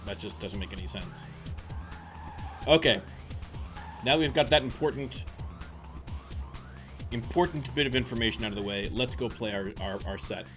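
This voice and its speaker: Over soft background music, a gaming streamer with a Canadian accent chats casually and jokes with viewers as he plays. His mid-range voice has a fairly bright tone, moving at a moderate pace with frequent pauses, and he often addresses chat while doing let's-play commentary.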